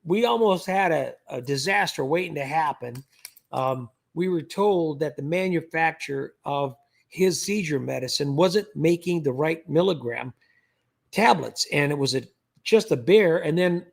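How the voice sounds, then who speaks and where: Man, livestream host, high voice, gravelly fry, rambling casual chat. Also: animated. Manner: rambling, halting restarts.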